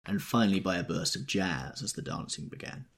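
Low, gravelly male audiobook narrator. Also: expressive, fairly quick, fairly bright tone.

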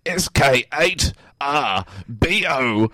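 A man's voice: mid-range voice, expressive, extremely slow, bright, forceful tone, no room sound, heavily acted. A man voicing a chuckling local male radio caller who drawls. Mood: chuffed.

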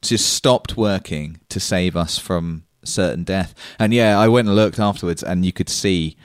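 A man co-hosting a podcast, telling an anecdote in a casual, animated way. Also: sits low, unhurried, no room sound, clean studio sound. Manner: animated storyteller. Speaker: podcast co-host.

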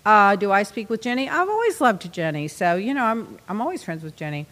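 Bright-voiced chatty woman podcast host. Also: mid-range voice, fairly quick, big-room sound. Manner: chatty, laughs often, lively storytelling. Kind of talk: casual chat. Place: podcast studio.

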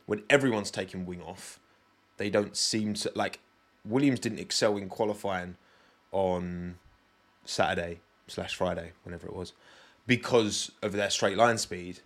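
A young man with a British accent, speaking in a somewhat low voice. He talks loosely and chattily on his own podcast, turning often to his listeners and poking fun at himself. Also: unhurried, a bit bright. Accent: British English. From Britain. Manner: chatty, rambling, self-deprecating, addresses the audience directly. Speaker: podcast host. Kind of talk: casual solo chat with live chat.

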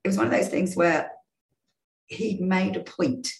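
A woman in her fifties from England, a former rugby player and sports journalist, telling lively anecdotes in a casual interview. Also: lowish voice, unhurried, vocal fry, roomy sound, low-quality recording. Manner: lively storytelling with restarts.

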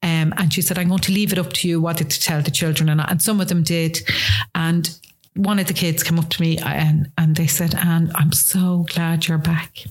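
A woman's voice: low voice, steady tone, brisk. An Irish woman of about sixty telling stories in casual conversation, with a chatty anecdotal manner and frequent restarts. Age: around 60. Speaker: guest.

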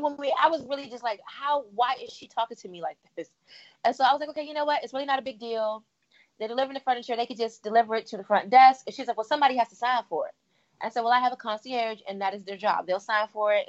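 A woman's voice: fairly high pitch, very fast, shouting. A woman chatting with friends on a podcast, telling her story with energy and slipping into the voices of the people she quotes. The audio is a little dull. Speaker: podcast co-host. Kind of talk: casual chat.

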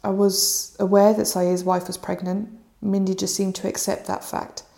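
Woman reading a statement in a gravelly monotone, echoey room. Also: mid-range voice, moderate pace.

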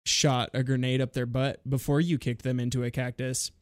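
A man co-hosting a casual gaming podcast, giving relaxed, measured opinions. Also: mid-range voice, no echo, clean studio sound. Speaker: podcast co-host.

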